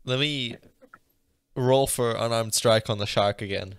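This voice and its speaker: A man's voice: medium pitch, a little slow, clean tone, no room sound. Casual man playing a tabletop game. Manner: casual, brief. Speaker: player.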